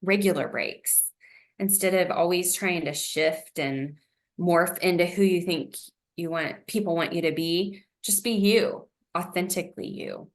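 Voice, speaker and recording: A woman presenting a wellness lesson in a gentle, encouraging way, with frequent "um"s. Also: lowish voice, unhurried. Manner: gentle, encouraging, uses fillers like um.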